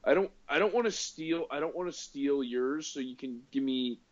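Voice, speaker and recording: A man co-hosting a podcast, chatting in an excitable, animated, incredulous way. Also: mid-range voice, moderate pace, highs cut off, crowd noise. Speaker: podcast co-host. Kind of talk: casual chat.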